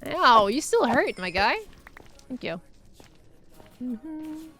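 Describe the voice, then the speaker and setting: A woman's voice: high voice, very animated, slow, noisy background. A young adult woman streaming a game, chatting in a rambling, giggly way as she plays. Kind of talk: rambling live gameplay chat.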